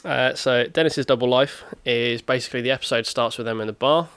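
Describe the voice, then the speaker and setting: Fast-talking man recapping casually. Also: medium pitch, fairly bright tone, clean tone, no echo. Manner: rambling recap with filler pauses and brief character voices. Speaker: podcast co-host. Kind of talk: casual chat, retelling a TV episode.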